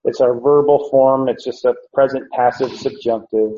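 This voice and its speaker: A man teaching through a Bible passage verse by verse, explaining deliberately and pausing often to correct himself. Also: mid-range voice, steady tone, dark tone, slight background noise. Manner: slow, deliberate explanation with frequent "uh" and self-corrections. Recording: roomy, dull lo-fi recording.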